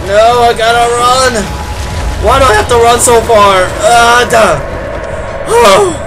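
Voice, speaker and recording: A man giving horror game play-by-play, panicking and repeating words in rapid bursts. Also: extremely high pitch, lively intonation. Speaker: gameplay commentator. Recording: game music playing behind.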